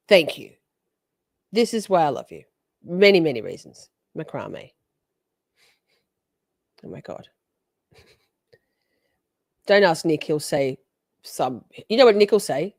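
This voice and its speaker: Animated, swearing woman streamer. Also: lowish voice, dry recording, clean studio sound. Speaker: livestream host. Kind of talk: casual livestream chat.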